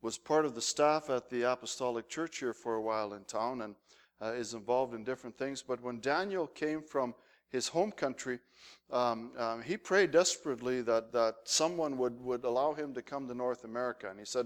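A man preaching a sermon as pastor, telling lively, humorous anecdotes. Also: mid-range voice, a little fast. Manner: animated anecdotal storytelling with humor.

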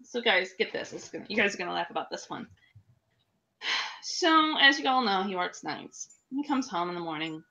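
A woman's voice: medium pitch, expressive, a little fast, sharp tone, lo-fi sound. A woman co-hosting a casual chat show, fighting a cold and telling stories in a playful, chatty way. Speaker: podcast co-host.

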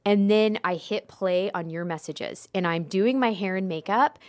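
A young adult woman co-hosting a podcast in casual chat, telling stories with lively acted-out quotes. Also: medium pitch, moderate pace. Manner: animated storyteller, acts out quotes. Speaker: podcast co-host.

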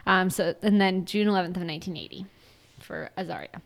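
A woman's voice: on the low side, fairly even intonation, fairly quick, vocal fry. A woman co-hosting a true-crime podcast, chatting casually and laughing often as she tells the story. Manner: giggly, laughs often while telling a story. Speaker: podcast co-host.

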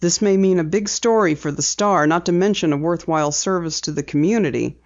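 A woman reader voicing a gruff middle-aged male newspaper editor who asks brisk, pointed questions. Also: lowish voice, darkish tone, muffled recording, lightly acted.

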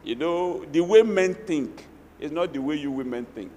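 Nigerian pastor preaching in a reverberant hall. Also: male voice, on the high side, moderate pace, slight background noise. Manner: animated preaching with Yoruba asides and acted quotes. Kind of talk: sermon.

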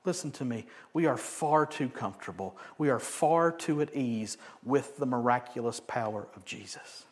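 A man preaching a sermon, animated, swinging from loud emphatic bursts to quiet joking asides. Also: medium pitch, moderate pace, hardly any pauses. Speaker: pastor.

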